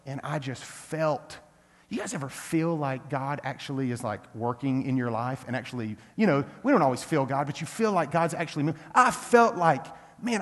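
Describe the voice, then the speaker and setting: A young adult male pastor giving a sermon, telling a personal story in an earnest, conversational way that builds into emphatic preaching. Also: on the high side. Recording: long reverb of a large hall.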